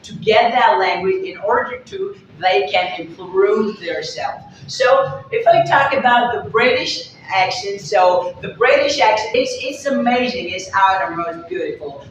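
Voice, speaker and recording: A woman from Pakistan explaining English accents to viewers as a teacher, repeating herself and pausing on fillers. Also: mid-range voice. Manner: repetitive, explanatory, frequent fillers. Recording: very echoey room, distant mic, dull sound, faint noise.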